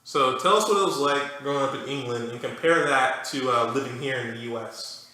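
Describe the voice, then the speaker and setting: A man's voice: mid-range voice, brisk, pushed and bright. A young man hosting a comedic interview with playful, hammy show-host banter. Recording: echoey room with faint noise.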